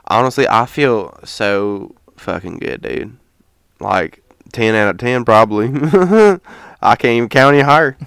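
A man's voice: medium pitch, lively intonation, unhurried, gravelly, a bit bright, clean tone, no echo, studio quality. A man co-hosting a podcast, chatting laid-back with swearing, while putting on a joking country accent. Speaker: podcast co-host. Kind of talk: casual chat.

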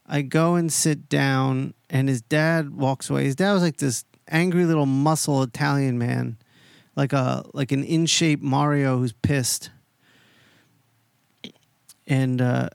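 A man hosting a podcast, telling a long story in a casual, animated way, heavy on swearing and quoted voices. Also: on the high side, measured pace, creaky, clear, resonant tone, dry recording, clean studio sound. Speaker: podcast host.

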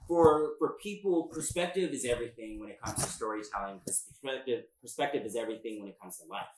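Male podcast co-host, mid pitch, rambly and emphatic, echoey room. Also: quick pace, background noise. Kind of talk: casual chat. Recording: roomy echo.

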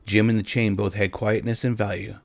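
A man narrating a story aloud in a gentle way, at times speaking directly to his listeners. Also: on the low side, little pitch movement, brisk, gravelly, no echo. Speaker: reader.

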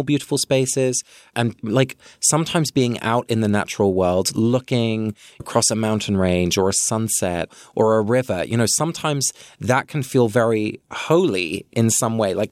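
Male co-host, reflective and musing, slightly low voice, dry close sound. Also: dry recording. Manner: thoughtful, musing, hedging. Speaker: podcast co-host. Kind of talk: casual reflective discussion.

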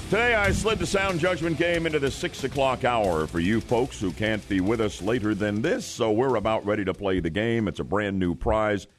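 A man's voice: on the low side, moderate pace, few pauses, soft background music. A male morning radio host running a call-in quiz game with jokey banter. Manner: jokey, lively delivery.

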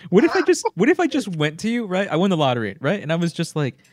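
A man's voice: sits high, huge pitch swings, fast talker. A young man in casual chat with friends, telling stories animatedly, acting out imagined dialogue and laughing often.

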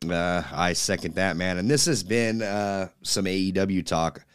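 A man's voice: low-pitched, measured pace, smooth, dry recording, studio quality. A man co-hosting a podcast in casual chat, blunt and swearing freely. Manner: blunt, profane. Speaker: podcast co-host.

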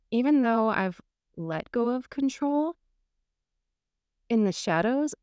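A woman's voice: fairly low pitch, clear, resonant tone, no echo, studio quality. A woman relationship coach talking frankly and candidly on a podcast, laughing often as she speaks.

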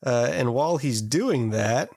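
A man co-hosting a casual podcast about comics, relaxed, stopping now and then to read lines from the book aloud. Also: mid-range voice, a little slow, gravelly. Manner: reads comic quotes aloud, laid-back. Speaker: podcast co-host.

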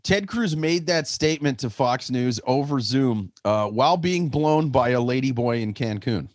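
A man's voice: medium pitch, lively intonation, normal speed, dry recording, studio quality. A man co-hosting a comedy podcast, riffing absurd crude scenarios with stammered restarts. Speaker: podcast co-host. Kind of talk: casual comedic banter.

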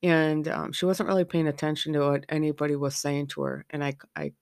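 Frank middle-aged woman, flat steady delivery. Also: sits low, fast talker, creaky, no room sound, studio quality. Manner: frank and candid. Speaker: podcast host. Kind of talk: candid personal podcast talk.

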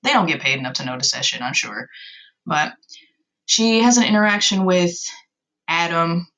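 A woman's voice: lowish voice, animated, moderate pace, a bit bright, rough recording. A young adult woman hosting a video, recapping a story in casual commentary with sarcastic, swear-filled, exasperated asides.

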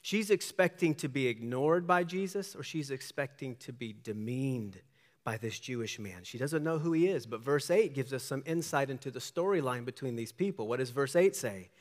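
A man's voice: mid-range voice, animated, moderate pace. Man preaching in a reverberant hall. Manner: emphatic, questioning preacher who acts out the people in his story. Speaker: pastor. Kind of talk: sermon.

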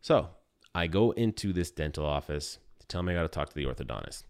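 Podcast host, man in his thirties, deep-voiced, wry self-mocking storyteller, dry close sound. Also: fast, clear, resonant tone, no echo. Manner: animated, wry and self-deprecating. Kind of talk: casual storytelling monologue.

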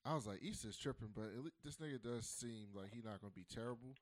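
A man's voice: mid-range voice, fast talker, no echo. A man co-hosting a casual podcast, retelling a TV episode with lots of laughter and acted-out quotes. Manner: animated storyteller who acts out quotes and laughs often. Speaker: podcast co-host. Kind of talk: casual chat recapping a TV episode.

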